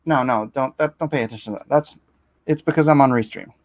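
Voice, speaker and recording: A man hosting his own livestream, talking in an excitable, rapid-fire, rambling way and often correcting himself mid-sentence. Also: mid-range voice, no echo. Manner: rambling with frequent self-corrections. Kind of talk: casual livestream sales pitch.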